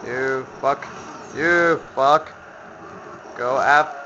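Recorded on a lo-fi home microphone with noise behind him, a gameplay commentator from Finland curses at enemies and grumbles sarcastically as he plays. He talks slowly in a mid-range voice that sounds pushed and bright, leaving long pauses.

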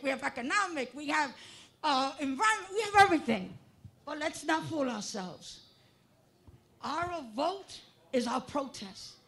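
A woman union vice president giving an emotional rally speech outdoors, building to shouts. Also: high-pitched. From Latino community, United States. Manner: passionate, rising to shouts. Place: outdoors at a voting line.

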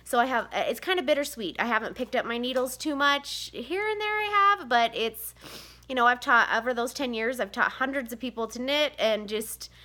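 A mother of seven in her thirties vlogs candidly to camera about mom guilt, rambling and leaning on plenty of fillers. Her voice sits on the high side, and her tone is brisk, bright and forceful. It's a casual confessional vlog.

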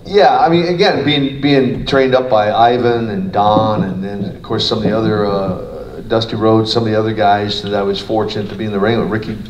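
A man's voice: on the low side, steady tone, fairly quick, hardly any pauses, lo-fi sound. A man, a former wrestler, talking casually in an interview, rambling with many restarts. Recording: roomy, distant mic, faint noise.

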